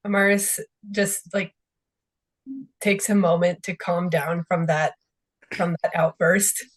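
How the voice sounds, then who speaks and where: A woman player describing her character's actions in a measured way. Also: on the low side, steady tone.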